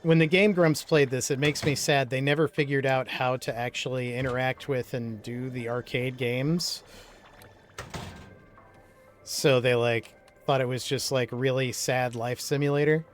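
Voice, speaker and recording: A man's voice: medium pitch, steady tone, a little slow, a little hiss or hum. A man casually chatting and rambling while he plays video games for his channel, with lots of fillers. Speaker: gaming streamer. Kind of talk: casual let's-play commentary.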